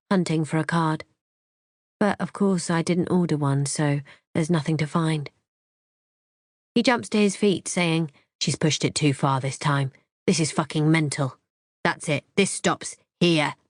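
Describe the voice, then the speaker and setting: A woman narrating a first-person thriller audiobook in an expressive, tense storytelling manner. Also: low voice, no echo, clean studio sound.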